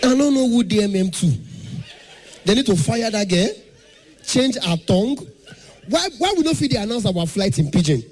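A man doing an animated stand-up comedy set, slipping into pidgin and acting out the characters in his stories. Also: sits high, moderate pace, long pauses, slight background noise. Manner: animated, acts out mothers and airline staff in pidgin.

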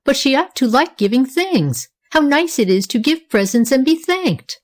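A dreamy little girl of eight, eager and wistful, lifts her voice higher and brighter than the narration around her, as a woman reads her part in an audiobook. She sounds touchy and longing by turns, always in a clear storybook tone. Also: big pitch swings, moderate pace. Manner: eager, wistful, raised girlish pitch. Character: girl Nora, under nine, dreamy and touchy. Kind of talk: audiobook character reading.

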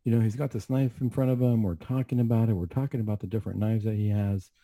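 A man's voice: lowish voice, little pitch movement, quick pace, dark tone, dry recording. A man who works as a counselor, giving an earnest, reflective faith testimony on a talk show with many asides. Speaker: mental health counselor.

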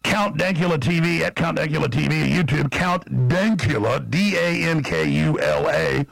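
A brash Texan man hosting a talk show with a gravelly, fried edge and a slightly husky tone. His voice is a bit high for a man and sits close and dry on the mic. He talks in a rapid-fire, mocking way. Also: a bit bright, no room sound, low-quality recording. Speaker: show host. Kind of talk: talk show monologue and interview.

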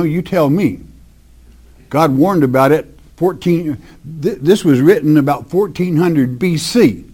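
A man's voice: on the high side, dark tone. A man preaching a verse-by-verse Bible teaching, reading scripture aloud and explaining it emphatically in plain words with asides.

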